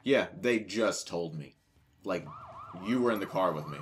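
A young man doing casual let's-play commentary, crude and joking, breaking into loud excited shouts. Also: low voice, moderate pace, slight background noise. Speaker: gaming YouTuber.

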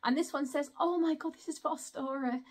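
A woman's voice: sits high, fairly even intonation, a little fast, a little mellow. A woman, chatting through an unboxing and exclaiming often. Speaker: vlogger. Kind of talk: casual unboxing chat.

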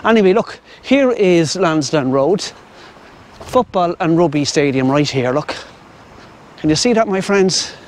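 Rambling Irish vlogger, middle-aged man, pitched a touch high, clip-on mic outdoors with faint traffic behind. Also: animated, unhurried. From Ireland. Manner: rambling, chatty, talks to the viewers and to animals. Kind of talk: casual walking commentary. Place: outdoors on a riverside path in a city. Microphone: wireless clip-on mic.

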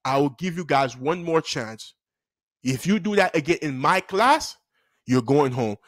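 A man voicing a strict, intimidating male teacher who speaks in slow, deliberate, menacing questions. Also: a little high, expressive, no room sound, studio quality, pitched below the performer's own voice. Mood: stern.

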